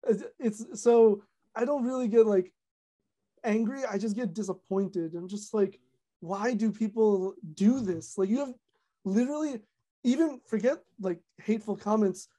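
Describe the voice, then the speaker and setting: A young woman, a content creator, chatting casually on a podcast, talking fast with lots of fillers and animated retellings. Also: fairly high pitch.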